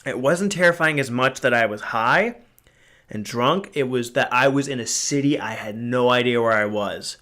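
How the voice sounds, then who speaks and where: A man's voice: medium pitch, normal speed, sharp tone. A man in his twenties hosting a podcast, telling a story in a casual, rambling way, with frequent swearing, fillers and restarts. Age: 20s. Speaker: podcast host.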